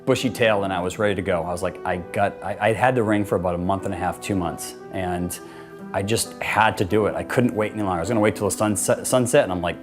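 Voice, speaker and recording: A man's voice: low voice, fast talker. A man casually telling how he proposed, talking loosely with lots of "like" and "you know" and quoting himself and his partner. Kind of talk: casual personal storytelling to camera. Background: soft guitar music.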